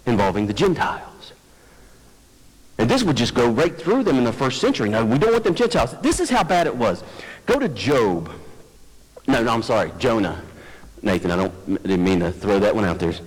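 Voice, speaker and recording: Animated pastor preaching in a reverberant hall. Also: male voice, mid-range voice, moderate pace, long pauses, slightly rough. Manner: animated, conversational, self-deprecating. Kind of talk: sermon. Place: church sanctuary. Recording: long church hall reverb.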